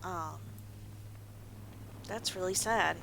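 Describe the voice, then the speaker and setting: A gravelly, lowish female voice stretches out its words over a noisy background. She's a worn-out let's play host, yawning as she plays and chats casually, rambling sleepily and poking fun at her own errors.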